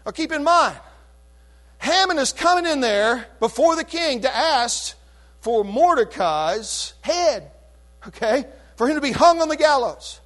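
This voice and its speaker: A man preaching a sermon, retelling a scripture story in an animated, chatty way with casual asides. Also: very high voice, unhurried.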